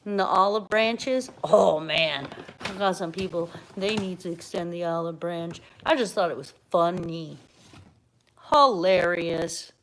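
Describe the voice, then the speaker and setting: A middle-aged American woman hosting a craft livestream in a chatty, rambling way, dropping to soft mutters and then bursting out loud. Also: medium pitch, a little hiss or hum. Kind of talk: casual live-stream chat.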